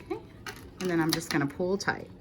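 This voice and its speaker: A woman's voice: on the low side, a little fast, soft background music. A woman hosting a casual crochet tutorial, walking through each step in a chatty, reassuring way and correcting herself as she goes.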